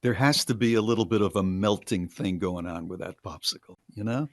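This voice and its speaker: Low-voiced older man, dry studio mic. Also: fairly quick, dry recording. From Connecticut. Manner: relaxed, rambling recollection. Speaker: radio show host. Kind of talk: casual chat.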